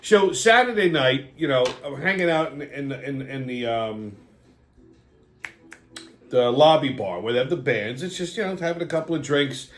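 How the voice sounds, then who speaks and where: A man's voice: mid-range voice, normal speed, fairly bright tone, soft background music. A middle-aged man hosting a show, telling a rambling story in a casual, profane and sardonic way, often laughing as he talks. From New York. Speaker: podcast host.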